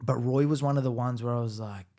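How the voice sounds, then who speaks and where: A man's voice: mid-range voice, steady tone, fast talker, warm tone. Aussie host guy, chill and friendly, asks easy questions. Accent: Australian. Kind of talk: casual interview chat.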